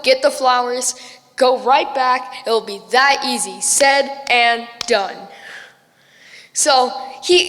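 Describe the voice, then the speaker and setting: A woman's voice: high voice, a bit bright, long reverb tail. A young female student telling a story at a festival in a casual, chatty way, with little giggles.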